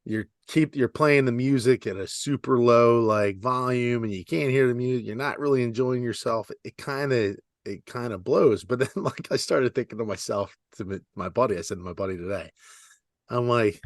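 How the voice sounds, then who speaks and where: A man's voice: mid-range voice, moderate pace, no echo, studio quality. Laid-back swearing podcast guy. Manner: laid-back, swears freely, says 'like' and 'dude' a lot. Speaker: podcast co-host. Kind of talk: casual chat.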